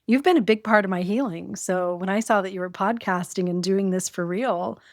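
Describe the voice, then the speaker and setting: Woman in her forties, animated storyteller, podcast guest, mid pitch, dry close sound. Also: normal speed, dry recording. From Arizona. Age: 40s. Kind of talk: casual storytelling interview.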